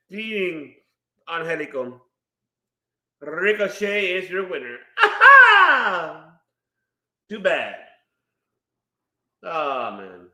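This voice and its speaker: A man hosting a live wrestling watch-along stream, calling the action excitedly and bursting into loud reactions while greeting chat viewers. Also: high-pitched. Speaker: watch-party stream host. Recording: roomy echo.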